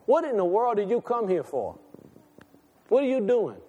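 A man's voice: high voice, wildly swooping pitch, moderate pace, mellow. A man a sermon in a sanctuary, folksy and conversational, rising into impassioned calls. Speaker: preacher. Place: church sanctuary. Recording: long reverb of a church hall.

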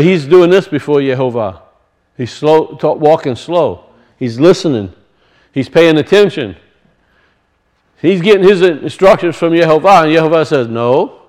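A man's voice: high-pitched, darkish tone, low-quality recording. A man preaching a sermon, teaching through rhetorical questions and emphatic repetition.

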